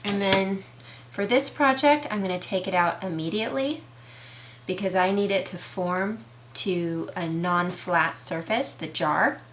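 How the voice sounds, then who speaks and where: A woman's voice: mid-range voice, fairly bright tone, a little hiss or hum. A woman demonstrating a craft project in a casual tutorial, chatty and enthusiastic, talking through each step. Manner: chatty, enthusiastic, slow and careful explaining.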